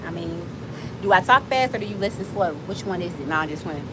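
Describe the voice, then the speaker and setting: A woman of forty from Miami, chatting fast and playfully with viewers as host of her own livestream. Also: fairly low pitch, animated, background noise. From Miami, USA. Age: 40s. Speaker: livestream host, nonprofit founder. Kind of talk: casual livestream chat with viewers.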